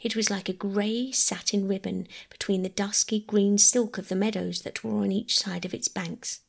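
A woman narrating a classic children's novel as a gentle bedtime audiobook reading. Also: medium pitch, fairly even intonation, moderate pace, vocal fry. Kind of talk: scripted bedtime story narration.

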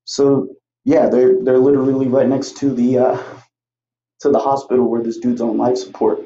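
A man's voice: medium pitch, little pitch movement, normal speed, dark tone. A young man casually retelling a movie plot on his podcast, rambling, swearing freely and acting out the characters' lines. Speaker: podcast host. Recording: muffled, roomy home recording.

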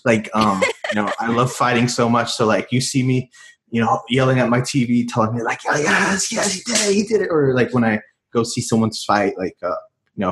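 A man's voice: mid-range voice, slight background noise. Laid-back man rambling in casual chat.

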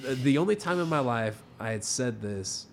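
A young adult man, a podcast co-host, telling a story in casual chat with lively delivery and free swearing. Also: mid-range voice, normal speed, vocal fry, slight background noise. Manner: animated storytelling, swears freely.

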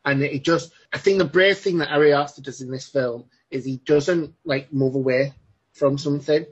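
A man's voice: a little high, moderate pace, husky. A man chatting enthusiastically about a film, rambling with restarts, as a podcast co-host. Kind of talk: casual film discussion. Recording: dull lo-fi sound.

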